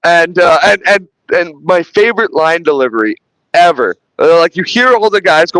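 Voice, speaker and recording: A man's voice: high voice, lively intonation, moderate pace, a bit bright, no echo, rough recording. A man hosting a podcast, retelling film scenes in casual, rambling chat full of restarts and swearing. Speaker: podcast host reviewing a film.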